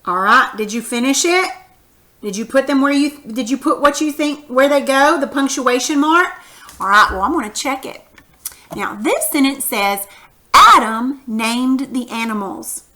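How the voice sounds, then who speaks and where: Woman teacher doing a kids punctuation lesson, patient, encouraging, bright kinda high voice. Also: lively intonation, normal speed. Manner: patient and encouraging, exaggerating sentences for emphasis.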